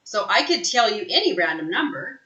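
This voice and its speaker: A woman's voice: mid-range voice, sing-song, fairly quick, bright, forceful tone, reverberant, dull audio. A woman coaching real estate agents in a live training session, talking emphatically and often checking in with "right?".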